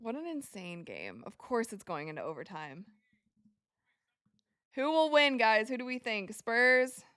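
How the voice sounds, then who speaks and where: A young woman hosting a live basketball watch party, calling plays excitedly and talking to her viewers. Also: fairly high pitch, a little slow, pauses often, smooth, no echo, clean studio sound. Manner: excitable, reacts loudly to plays, talks to viewers as you guys. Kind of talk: live game commentary to chat.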